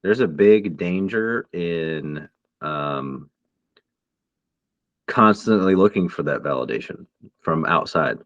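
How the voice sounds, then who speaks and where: A man's voice: sits low, expressive, takes it slowly, long pauses, no echo, muffled recording. A man co-hosting a podcast in a casual chat, talking reflectively and searching for his words. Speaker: podcast co-host.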